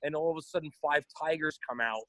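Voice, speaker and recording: A man with a slightly high voice runs a loose, casual podcast chat. He tells rambling stories packed with swearing. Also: quick pace, a bit bright, dry recording. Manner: profane, rambling storyteller. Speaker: podcast co-host.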